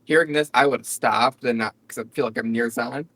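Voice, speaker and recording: A man's voice: mid-range voice, a little fast, fairly bright tone, no echo. Man player thinking aloud, dry sound. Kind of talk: casual chat at a game table.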